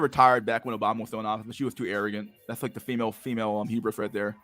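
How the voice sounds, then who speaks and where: A man's voice: fairly low pitch, little pitch movement, rapid-fire, fairly bright tone, soft background music. A young man hosting a livestream and reading chat, talking in a crude, slangy, casual way and laughing often.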